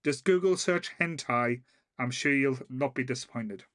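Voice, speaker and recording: A man's voice: mid-range voice, normal speed, fairly bright tone. A man with a British accent hosting a casual podcast, joking and laughing often. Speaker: podcast host.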